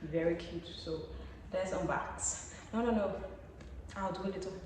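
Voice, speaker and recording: A woman's voice: lowish voice, unhurried, very noisy. A young woman, chatting playfully and affectionately to her followers in a home vlog. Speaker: vlogger. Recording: very echoey room from far off.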